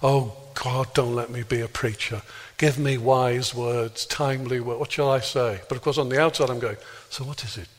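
An Englishman telling a story in a sermon and acting out the dialogue, jumping up high for exclamations and dropping low for quiet asides. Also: steady tone, normal speed. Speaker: speaker leading a healing prayer talk. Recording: long reverb of a large hall.

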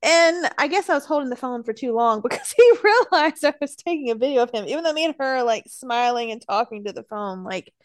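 A woman's voice: high voice, expressive, brisk, few pauses, no room sound. A woman co-hosting a casual chat, telling a story in a chatty way, saying "like" a lot and laughing as she goes. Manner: chatty, lots of "like", laughs while telling stories. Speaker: podcast co-host.

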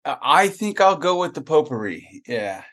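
A man playing as a contestant on a trivia podcast, answering in an unhurried, hesitant way. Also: fairly high pitch, big pitch swings, a bit bright. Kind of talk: casual game podcast chat.

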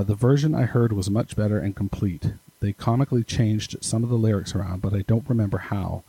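Gravelly low-voiced male podcast host. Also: mellow, low-quality recording. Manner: rambling, self-deprecating, chuckles at his own asides. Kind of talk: casual podcast, reading listener emails.

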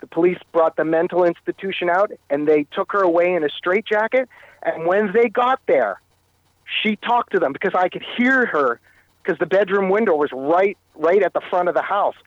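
A man recounting a personal story as an interview guest, halting and often repeating his words. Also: sits high, no room sound, dull audio. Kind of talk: telling a personal story in conversation.

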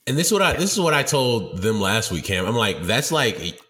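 Bright, animated man. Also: medium pitch, a little fast. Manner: animated, emphatic reactions. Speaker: weekly podcast regular. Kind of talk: casual sports chat.

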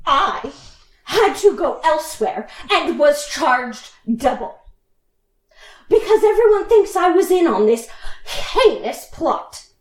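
Woman game master, high animated voice, slow narration, echoey room. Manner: animated, laughing, drawn-out delivery.

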